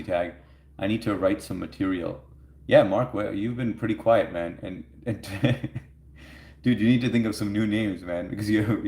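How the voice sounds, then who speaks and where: A low-voiced man hosts a relaxed live chat, easygoing and quick to laugh. He answers viewer comments in a casual tone. His voice bounces around an echoey room. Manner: chatty, easygoing, laughs often, reads viewer comments aloud. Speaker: livestream host answering chat.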